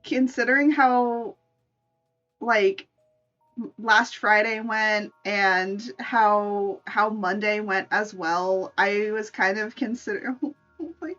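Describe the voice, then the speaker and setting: A woman artist chatting on a live stream, giggly and halting, with many restarts. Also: mid-range voice, fairly even intonation, fairly bright tone, muffled recording, faint music behind. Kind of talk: live-stream chat while making art.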